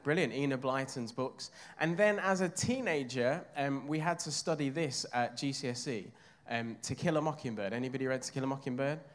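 Chatty English preacher with a congregation. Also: male voice, medium pitch, a little fast, few pauses. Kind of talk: sermon.

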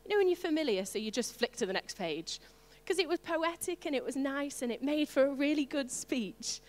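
A woman preaching a sermon to her congregation, animated and playful, with asides to the listeners. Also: sits high, fairly quick, big-room sound. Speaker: pastor.

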